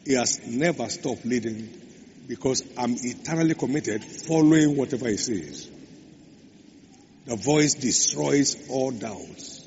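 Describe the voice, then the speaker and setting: A man's voice: mid-range voice, expressive, a little mellow. Preaching man in an echoey hall. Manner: emphatic, repeats key phrases, slows for stress. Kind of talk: sermon. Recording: echoey hall, dull lo-fi sound, faint hum.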